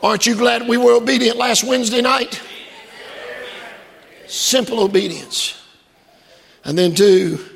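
A man's voice: high voice, creaky, slightly rough, long reverb tail. A man preaching a sermon to his congregation, earnest and repetitive, asking them direct questions. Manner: earnest, repeats phrases, rhetorical questions to the congregation. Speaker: pastor. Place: church.

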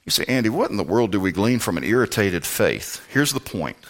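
A male pastor preaching a sermon, swinging between loud, pleading passages and quiet, low asides. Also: big pitch swings, a little fast.

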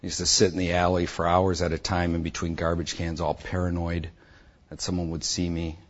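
A man bluntly and intensely telling his personal testimony, with a husky voice. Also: low-pitched, completely flat delivery, fairly quick, muffled recording, a little hiss or hum. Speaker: speaker giving a personal testimony.

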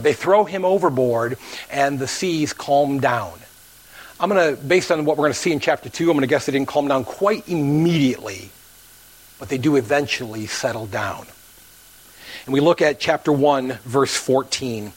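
A man's voice: mid-range voice, expressive, moderate pace, breathy edge, poor audio. A male pastor preaching a sermon, acting out the story's characters and dropping at times to a near whisper.

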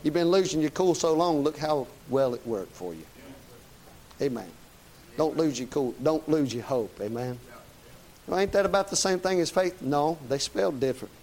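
High-voiced preacher man. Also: lively intonation, normal speed, a little mellow. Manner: folksy, plain-spoken and emphatic. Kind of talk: conversational sermon.

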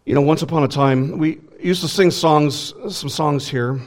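A male pastor preaching an expository sermon, reading scripture aloud and acting out paraphrased dialogue with emphatic rises and quiet drops. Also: a little high, moderate pace. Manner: voices scripture quotes and acts out paraphrased dialogue.

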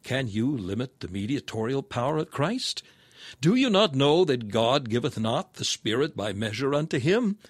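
A man delivers an old-fashioned sermon in a solemn, measured voice at a middling pitch. He lifts his tone for emphatic appeals, and the sound is close and dry with no room around it. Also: sing-song, husky, dry recording. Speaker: preacher. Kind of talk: reading a sermon aloud in old-fashioned scriptural language.

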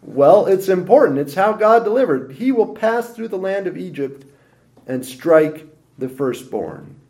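A man preaching a sermon, explaining scripture with emphatic swings of pitch and loudness. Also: very animated, measured pace, creaky.

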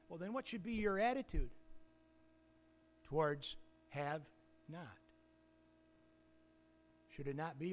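High-voiced emphatic male preacher. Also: animated, takes it slowly, pauses often. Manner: emphatic, rhetorical questions, builds to shouts. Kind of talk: sermon.

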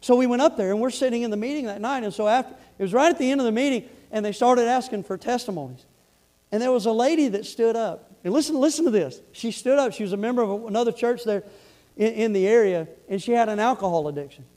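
High-voiced preacher, loud then hushed. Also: male voice, fast talker. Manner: swings from loud, rising build-ups to hushed, low delivery; repeats phrases for emphasis. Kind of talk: storytelling sermon.

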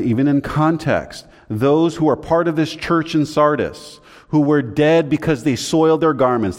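A man preaching a sermon on scripture, asking and answering his own questions, rising for emphasis and dropping low at the ends of phrases. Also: darkish tone. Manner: rises in pitch and volume for emphasis, drops low at phrase ends. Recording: long hall reverb.

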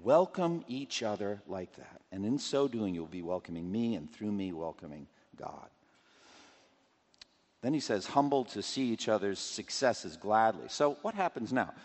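Male preacher giving an expository sermon, dramatizing quotes, very expressive, in a reverberant hall. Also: lowish voice, a little slow. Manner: expository, acts out scripture quotes and scenarios.

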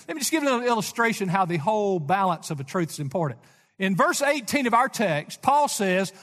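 An older man delivers a sermon in a high, lively voice that climbs and drops sharply. He tells folksy stories and swings from loud emphasis to hushed asides. His voice rings with a long echo through a church hall. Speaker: pastor.

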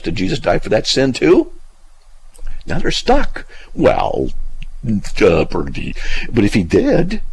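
A man hosting a casual talk radio show and answering listener emails. He is animated, laughs often, argues with rhetorical questions and acts out the people he quotes. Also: on the low side, creaky, a little hiss or hum. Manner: argumentative, asks rhetorical questions.

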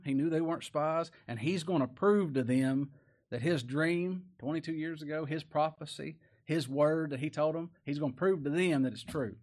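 Folksy male preacher, fairly high voice, chatty sermon with rhetorical questions. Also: darkish tone.

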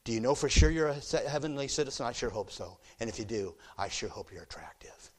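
A man preaching a sermon in a church auditorium, shifting between quiet storytelling and loud, fervent exhortation. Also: medium pitch, expressive, fast talker, slightly rough. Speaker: visiting preacher.

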